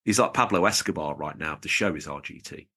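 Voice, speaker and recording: A man's voice: very deep voice, a little fast, vocal fry, pushed and bright. A man co-hosting a podcast, chatting in a jokey, rambling way while reading out supporters. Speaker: podcast co-host. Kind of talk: casual podcast chat.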